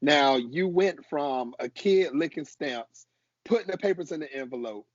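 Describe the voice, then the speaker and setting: A male podcast host with a slightly high, husky voice presses his points, stressing them by repeating words. The sound is dry and a bit dull. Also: lively intonation, unhurried, no echo. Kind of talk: interview chat.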